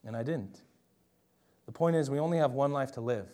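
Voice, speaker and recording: A man's voice: mid-range voice, a little fast, warm tone. A young adult man preaching a sermon in a conversational, emphatic way, often asking the listeners rhetorical questions.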